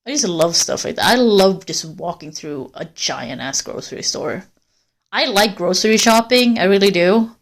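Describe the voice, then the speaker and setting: Chatty woman rambling on a forest walk. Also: mid-range voice. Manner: rambling, chatty, swearing casually. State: cold. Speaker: livestreamer. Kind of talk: casual chat to viewers. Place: outdoors in a forest.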